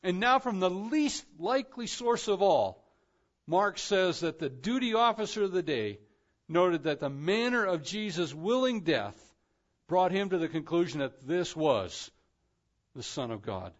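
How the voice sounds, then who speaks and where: A man preaching an expository sermon as pastor, swinging from hushed, slow phrases to soaring emphasis. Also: sits high, big pitch swings, dull audio.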